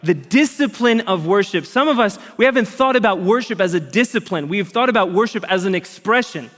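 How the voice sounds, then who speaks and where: High-voiced preaching man in a reverberant hall. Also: brisk. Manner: earnest, conversational preaching with lively emphasis. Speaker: pastor. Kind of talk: sermon. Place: church auditorium.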